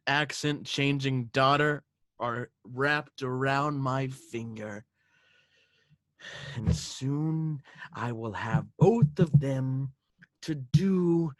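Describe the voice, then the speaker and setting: A man plays a sinister, wealthy mad inventor who gloats over his schemes. He speaks very slowly, with a dry, close sound, in an improv-comedy scene. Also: mid-range voice, no room sound, lightly acted. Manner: slow, gloating, villainous. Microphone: video call.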